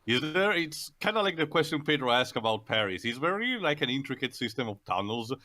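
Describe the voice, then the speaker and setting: A man with a bright, forceful tone and a lively, swinging delivery. He stops and restarts his sentences while he questions the film's logic. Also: mid-range voice. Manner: halting, restarts mid-sentence, skeptical. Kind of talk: casual movie commentary.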